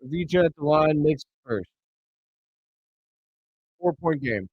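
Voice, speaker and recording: Streamer man, fairly high voice, dry dull home mic, excitable play-by-play caller. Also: a little slow, husky, dry recording. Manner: bursts into excited shouts on big plays. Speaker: host of a live reaction stream. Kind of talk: play-by-play commentary.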